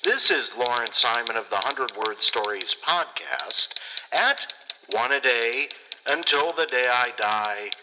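A man's voice: mid-range voice, lively intonation, slow. A man hosting a casual solo podcast, rambling and blunt, swearing freely with lots of fillers. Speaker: podcast host. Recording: echoey room with clear background noise.

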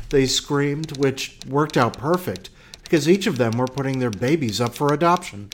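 A man narrating a short story with slow, deliberate pacing and pointed pauses between phrases. His pitch rises and falls expressively across each line. Faint keyboard clicks tick away in the background. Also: expressive, a little hiss or hum. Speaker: podcast host and story reader.

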